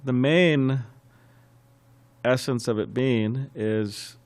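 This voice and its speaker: A man giving a scriptural class as a sermon, telling anecdotes in a lively way, chuckling and often restarting phrases. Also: medium pitch, very slow. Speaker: temple class speaker. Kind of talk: sermon with storytelling.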